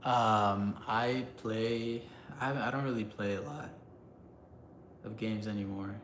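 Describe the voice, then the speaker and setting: A man's voice: on the low side, steady tone, fairly bright tone, slight background noise. Easygoing male livestreamer chatting. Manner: laughs often, loose and joking; halting when he switches languages. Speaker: livestreamer reading chat. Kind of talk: casual live stream chat.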